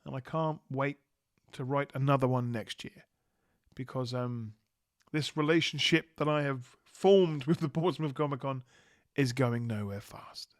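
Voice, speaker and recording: A tired man hosting his own podcast, reflecting warmly and giddily. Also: medium pitch, unhurried, no room sound, clean studio sound. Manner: warm, giddy, reflective. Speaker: podcast host. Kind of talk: solo podcast wrap-up.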